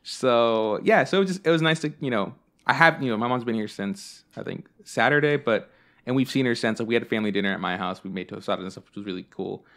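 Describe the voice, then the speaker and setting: A man in a middle-pitched voice talks loosely on a podcast, meandering through stories with lots of "like" and "um". He swears freely and keeps things offhand and chatty. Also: fast, a bit bright. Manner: rambling storyteller, swears freely, many fillers. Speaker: podcast host. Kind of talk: casual chat.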